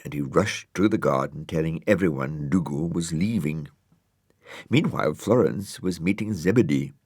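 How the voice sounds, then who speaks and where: A man narrating a children's storybook in a gentle, wry manner. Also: rumbling low, moderate pace, husky, dry recording, studio quality.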